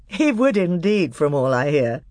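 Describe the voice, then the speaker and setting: A man voicing a confident, good-humoured young king in an audiobook, brisk and husky. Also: fairly high pitch, big pitch swings, darkish tone, no echo, studio quality, pitched above the performer's own voice. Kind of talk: audiobook character voice.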